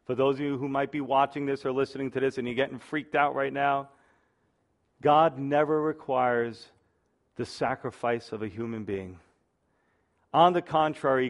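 A middle-aged man preaching a sermon, teaching verse by verse in an emphatic, earnest way. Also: mid-range voice. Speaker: pastor.

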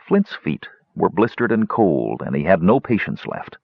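A man reading a story aloud as narrator, with animated delivery. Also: low voice, a little slow, vocal fry, hardly any pauses, breathy edge, no room sound, muffled recording. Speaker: audiobook narrator. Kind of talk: scripted narration.

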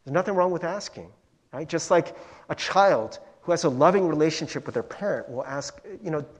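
Husky, animated male pastor. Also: on the high side, brisk. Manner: animated, joking, addresses listeners as friends and guys. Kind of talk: conversational sermon.

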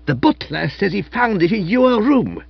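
A man's voice: high voice, very animated, moderate pace, gravelly, slightly rough, dry recording, voice pushed up, exaggerated voice. A man voicing a haughty, suspicious rich woman who speaks in a raised, scornful tone, in a dull-sounding recording. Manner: sharp, scornful and demanding.

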